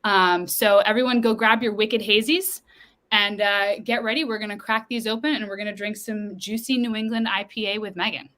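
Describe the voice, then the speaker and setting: A woman's voice: mid-range voice, steady tone, normal speed, a bit bright, a little hiss or hum. A woman from the Boston area hosting an online festival stream, chatty and upbeat over a video call. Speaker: festival host. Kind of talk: casual live-stream chat.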